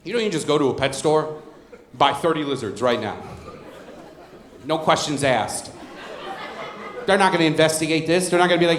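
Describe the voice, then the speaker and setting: A man in his thirties doing a stand-up comedy set on a club stage with a handheld mic, telling stories in a deadpan way with crude asides. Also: a little high, normal speed, pauses often. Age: 30s. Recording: roomy club sound with faint crowd noise. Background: audience laughter.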